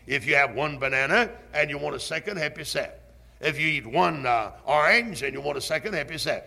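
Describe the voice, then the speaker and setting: An older man preaching a sermon, slow and emphatic, swinging up and down in his delivery. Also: on the high side, animated, gravelly, pushed and bright.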